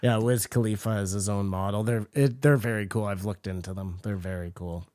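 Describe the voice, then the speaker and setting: A man's voice: on the low side, fairly even intonation, fairly quick, darkish tone, dry recording, clean studio sound. A man co-hosting a podcast in casual chat, joking, teasing and swearing. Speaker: podcast co-host.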